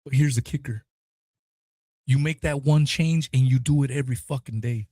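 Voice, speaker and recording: A young man talks alone into his podcast mic, open and emotional, dropping curse words as he goes. His voice sits at an ordinary middle pitch. The sound is dry and close, with little room around it. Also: normal speed, mellow, dry recording. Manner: raw, emotional, swears freely. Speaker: podcast host. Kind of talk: solo podcast talk, live stream.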